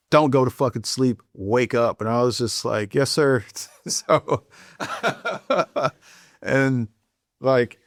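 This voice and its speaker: A man's voice: mid-range voice, clean tone, no room sound, studio quality. A middle-aged man from St. Louis, a Marine veteran, telling a war story bluntly, with plenty of profanity. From St. Louis, USA. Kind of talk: storytelling in an interview.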